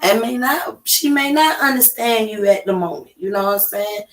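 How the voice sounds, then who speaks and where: A woman's voice: medium pitch, moderate pace. Brash Atlanta woman, roomy sound. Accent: Atlanta Southern US. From Atlanta, USA. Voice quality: loud, profane, emphatic delivery. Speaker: podcast guest. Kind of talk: casual chat. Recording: roomy with faint noise.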